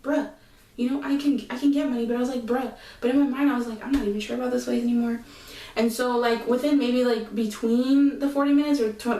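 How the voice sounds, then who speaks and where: A woman's voice: on the high side, roomy sound, recorded from a distance, poor audio. Slangy young woman telling a story. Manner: animated, slangy, full of fillers and asides to viewers. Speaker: vlogger. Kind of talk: casual storytime.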